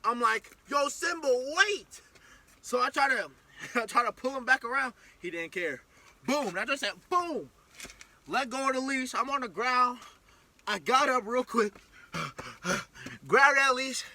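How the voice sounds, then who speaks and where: A young man telling a storytime vlog in an excitable, slangy way, acting out the scene as he goes. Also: very high voice, measured pace. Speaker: vlogger. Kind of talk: animated storytime.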